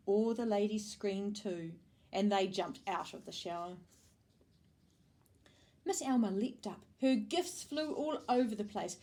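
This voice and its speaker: A woman with a New Zealand accent reads a children's storybook aloud at a mid pitch. Her reading is expressive, with small slips she corrects on the fly. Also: slow pace.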